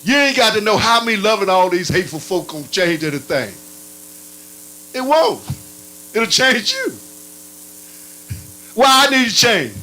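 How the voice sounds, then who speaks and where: A male preacher with a high, bright voice delivers a sermon in a lively, playful manner. His pitch leaps up and drops low again, and now and then he breaks into barking sounds. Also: unhurried, pauses often, poor audio.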